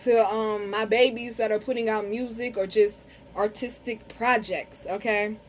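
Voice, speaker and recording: A woman's voice: on the high side, fairly even intonation, a little hiss or hum, low-quality recording. Chatty, salty-mouthed woman reading cards. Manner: frank, chatty, curses freely, addresses viewers as y'all; slows down to pronounce some words carefully. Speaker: tarot and spiritual reader. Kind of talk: casual card reading to camera.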